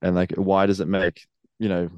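A man's voice: sits low, monotone, normal speed, smooth, dry recording, highs cut off. A man, a professional wrestler speaking earnestly in a casual interview and laughing often.

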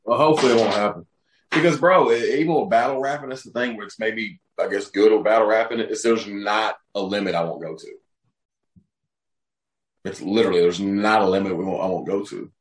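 A man's voice: fairly low pitch, steady tone, a little fast, background noise. Laid-back man telling stories. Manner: laid-back storyteller, says bro a lot. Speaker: rapper and label head, guest. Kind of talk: casual podcast chat.

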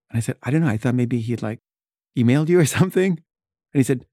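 A man with a warm, mid-range voice speaks fast in a clean studio recording with no echo. He casually tells a personal story packed with "like" and "you know," and he once lived in San Francisco but no longer does.

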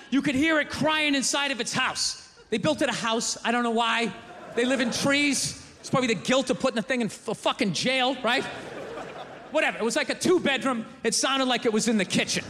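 High, bright-voiced ranting male comedian. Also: a little fast. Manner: profane, animated ranting. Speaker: stand-up comedian. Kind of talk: stand-up storytelling. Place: live comedy venue. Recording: echoey hall with audience.

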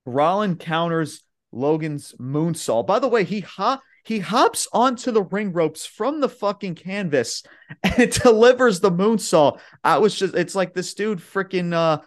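A man's voice: high voice, expressive, measured pace. A young man hosting a podcast, recapping wrestling matches in a rambling, casual way with lots of fillers and swearing. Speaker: podcast host.

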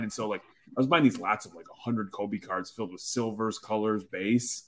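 A man with a fairly low voice talks in a loose, rambling way as a podcast co-host. He restarts his sentences often and sounds keen on his hobby. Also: fairly even intonation, moderate pace, a bit bright. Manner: rambling, with many fillers and restarts, enthusiastic. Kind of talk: casual chat.

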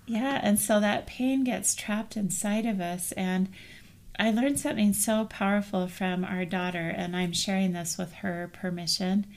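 A middle-aged woman talks softly about grief, her phrases often trailing off. Her voice carries a noticeable gravelly fry at a mid pitch. She tells stories patiently, like a mother. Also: unhurried. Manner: gentle, storytelling, soft trailing phrases. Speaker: co-host. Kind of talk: casual chat on grief.

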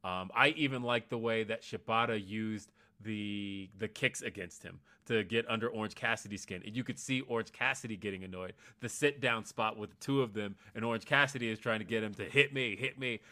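A young man with a lowish voice and a bright, forceful edge. He rambles enthusiastically in casual podcast chat and fills his sentences with ums and uhs. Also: brisk, few pauses. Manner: rambling, enthusiastic, frequent fillers. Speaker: co-host.

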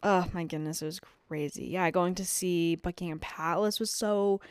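A woman in casual chat with a friend, excitable and repetitive, full of fillers like "like" and "literally". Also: lowish voice, moderate pace, clean tone, no room sound, clean studio sound. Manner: excitable, repeats herself, lots of "like" and "literally". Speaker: co-host.

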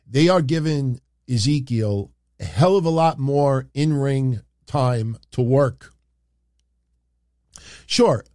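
A man's voice: medium pitch, darkish tone, no echo, clean studio sound. A man hosting a casual wrestling recap, chatting straight to his viewers with plenty of fillers. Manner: chatty, addresses the audience directly, many fillers. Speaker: wrestling show host.

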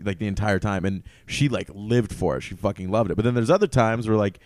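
A man's voice: fairly low pitch, brisk, a little mellow, no echo. A young adult man in casual podcast chat, telling stories candidly and at length with many fillers.

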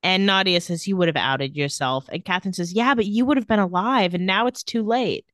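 A woman's voice: medium pitch, a little fast, a bit bright, no room sound. A woman co-hosting a podcast, casually recapping TV scenes with quoted lines and dry asides. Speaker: podcast co-host recapping a TV episode. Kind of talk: casual chat.

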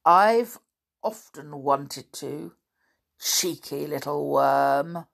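A woman's voice: deep voice, steady tone, unhurried, pushed and bright. A woman voicing a grim, surly male servant who speaks curtly. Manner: grim, curt.

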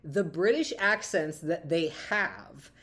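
A woman's voice: on the low side, takes it slowly, a bit bright. A woman co-hosting a podcast, explaining her views on a film at length in a thoughtful, casual way. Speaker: podcast co-host. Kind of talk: casual film review chat.

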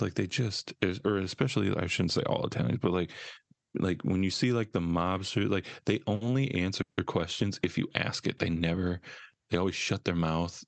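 Male co-host, deep fry-laden voice, easygoing profane banter, dry close sound. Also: no room sound. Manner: laid-back, profane, chuckling. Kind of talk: casual podcast chat.

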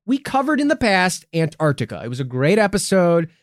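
A man's voice: high voice, very animated, brisk, dry recording, clean studio sound. A man co-hosting a comedic conspiracy podcast, teasing and mock-dramatic, swearing often. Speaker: podcast co-host.

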